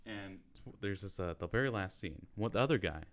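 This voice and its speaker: A man co-hosting a podcast, casually retelling a movie in a rambling, halting way with many fillers. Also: deep voice, animated, very noisy. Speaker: podcast co-host. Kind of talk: casual chat.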